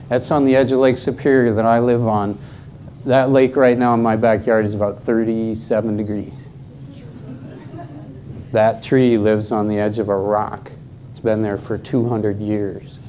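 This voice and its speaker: A man's voice: medium pitch, warm tone, a little hiss or hum. A middle-aged man giving a workshop talk at a conference, emphatic and joking with the audience. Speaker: conference speaker.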